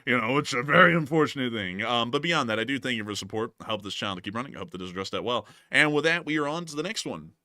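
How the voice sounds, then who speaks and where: A man's voice: mid-range voice, expressive, rapid-fire, few pauses, bright, forceful tone, no echo, studio quality. A young man co-hosting a live news stream, upbeat and chatty as he thanks supporters, laughing often. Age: young adult. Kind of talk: live-stream super chat thank-yous.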